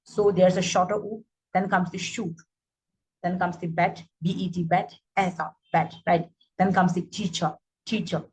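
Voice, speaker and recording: A woman's voice: fairly low pitch, little pitch movement, moderate pace, darkish tone, poor audio. A woman, teaching English phonetics. She repeats example words and often checks in with "right?". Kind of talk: phonetics lesson.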